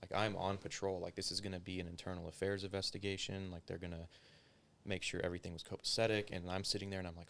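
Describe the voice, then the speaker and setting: Gravelly low-voiced man telling a story. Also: little pitch movement, fast talker, a bit bright, a little hiss or hum. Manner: profane, filler-heavy storytelling. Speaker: podcast guest, former police officer. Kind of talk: casual storytelling interview.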